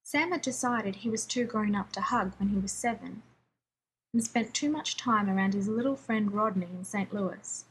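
A woman narrating a prose story aloud with a measured, even storytelling manner. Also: medium pitch, a little hiss or hum, poor audio. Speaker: reader.

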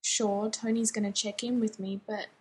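A woman's voice: medium pitch, level tone, normal speed, darkish tone, slight background noise, natural voice. Dean, a woman doing a grieving older brother. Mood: pleading. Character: grieving young man, devoted older brother. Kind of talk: fan fiction reading.

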